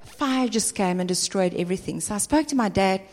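A woman's voice: medium pitch, brisk, long reverb tail. Emphatic South African woman preaching. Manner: emphatic, animated, acts out people's voices. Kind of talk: sermon.

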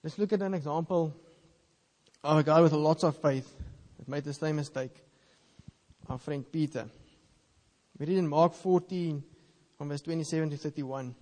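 A man's voice: a little high, normal speed, long pauses, darkish tone, in a large hall. A man, an Afrikaans speaker, preaching a sermon in an earnest, conversational way and reading scripture aloud.

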